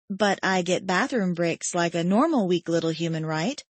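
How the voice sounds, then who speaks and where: A woman narrating a romance audiobook in the first person, even and conversational. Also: on the low side, a little slow, no echo.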